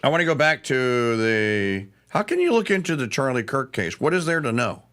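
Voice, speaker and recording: A male talk radio host rambles through the news in a loose, self-correcting way. His voice sits at an ordinary pitch with a bright, forceful tone. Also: big pitch swings, normal speed. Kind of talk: casual live talk radio.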